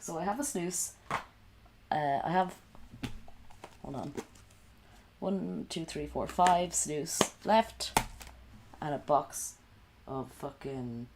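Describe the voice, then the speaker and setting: A woman livestreams from home at night while sick and coughing, rambling in sweary, sarcastic casual chat. Her voice is deep and a little mellow, with a little hiss or hum.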